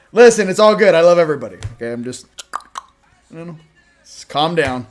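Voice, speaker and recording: A male host giving a casual oracle card reading, with sarcastic joking asides and slow, emphatic stresses on the card words. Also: on the high side, lively intonation.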